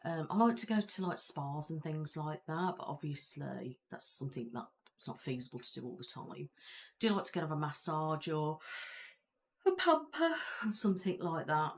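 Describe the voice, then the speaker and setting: An ASMR creator from Belfast, Northern Ireland, she hosts a live stream, chatting casually and rambling with viewers amid frequent fillers. Her low voice swings widely in pitch at a moderate pace, shaped by a Belfast accent.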